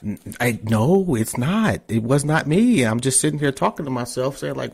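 A man's voice: medium pitch, animated, normal speed, gravelly, darkish tone, husky. A man hosting a podcast, talking loosely and cursing casually. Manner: loose, profane, chatty. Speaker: podcast host. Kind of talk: casual interview chat.

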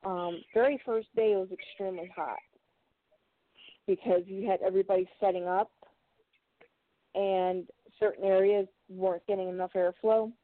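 A woman's voice: medium pitch, steady tone, normal speed, long pauses, dry recording. A woman co-hosting a casual chat, explaining things hesitantly with fillers. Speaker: co-host. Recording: tinny phone-like line.

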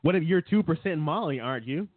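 A man's voice: fairly high pitch, expressive, fast, no echo. A man co-hosting a casual political chat show, sarcastic and mocking, who laughs often. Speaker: podcast co-host. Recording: dry, tinny phone-like sound.

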